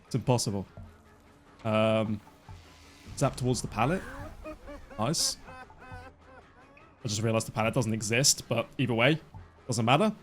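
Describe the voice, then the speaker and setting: A man in his twenties giving live, excitable commentary on his own gameplay as a streamer. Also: lowish voice, unhurried, pauses often, soft background music. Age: 20s. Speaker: gaming streamer.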